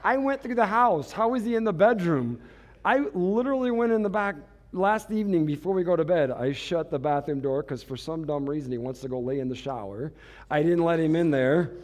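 A man's voice: a little high, darkish tone. A man giving a storytelling sermon as a pastor, chatty and self-mocking, laughing at himself.

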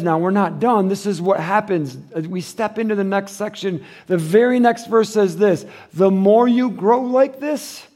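A man's voice: high voice, a little mellow. A middle-aged man, a pastor, giving a conversational sermon, acting out quoted voices and chuckling often.

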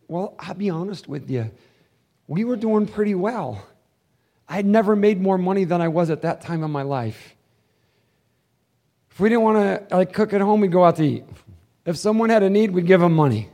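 A man preaching a sermon as pastor, swinging between hushed, intimate passages and loud, fervent ones. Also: sits high, animated, a little slow, pauses often.

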